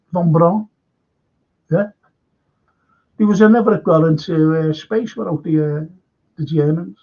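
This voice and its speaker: A Scouse man hosts a live stream, talking slowly and rambling from point to point as he reads out viewer comments. His voice is gravelly and husky, pitched a little high. The audio comes through dull and lo-fi. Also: a little mellow. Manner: rambling, chatty, stop-start. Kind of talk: casual chat reading viewer comments.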